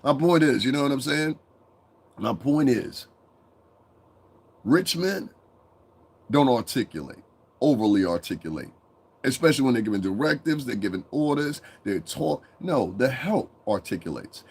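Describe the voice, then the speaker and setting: A husky-voiced man talks straight to his audience in a loose, profane monologue. His voice sits at an ordinary middle pitch, a little rough around the edges. He rambles from one story to the next and slips into mocking put-on voices. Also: expressive, normal speed, pauses often. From Connecticut. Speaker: commentary channel host. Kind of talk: casual commentary monologue.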